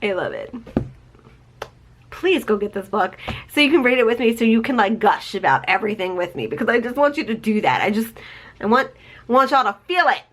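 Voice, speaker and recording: A woman in her forties chats through a book review in a casual vlog, reading off her chapter notes. She gushes, gets choked up and throws in the odd swear word. Her voice sits a little high. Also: sing-song, brisk, a bit bright, a little hiss or hum. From United States. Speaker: book vlogger.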